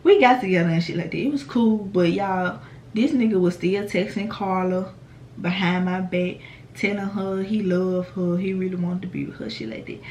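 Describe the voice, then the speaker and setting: A woman's voice: mid-range voice, steady tone, normal speed, darkish tone, slight background noise. Young woman vlogger, mid-range voice, casual storytime, swears freely, talks straight to viewers. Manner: slangy, profane, chatty; addresses viewers directly.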